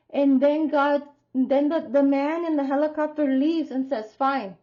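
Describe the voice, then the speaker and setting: A woman's voice: high voice, measured pace, few pauses, a little mellow, dull audio. A woman giving a casual tarot reading to her viewers, talking in a chatty, rambling way and telling stories expressively. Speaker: tarot reader.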